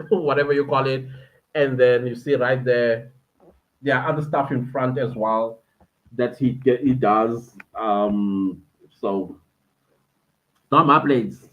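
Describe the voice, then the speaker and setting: A South African woman chats to her live-stream audience, animated and talkative. The sound is thin and tinny, like a phone line. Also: extremely low pitch. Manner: animated, talks to viewers and reads out chat comments. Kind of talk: casual live-stream chat. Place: friend's indoor den at home.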